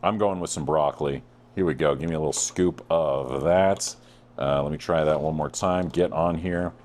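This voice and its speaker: A man in his thirties hosting a casual food review vlog, playful and self-mocking with deadpan jokes. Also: a bass voice, normal speed, a little hiss or hum. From United States. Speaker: host.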